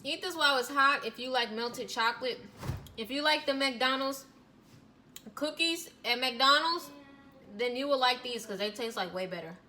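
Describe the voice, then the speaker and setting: Woman, cooking vlogger, high voice, bright and crisp, chatty, gushing, home kitchen. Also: animated, normal speed, a little hiss or hum. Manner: gushing, chatty, addresses viewers directly. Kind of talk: casual recipe chat and taste test.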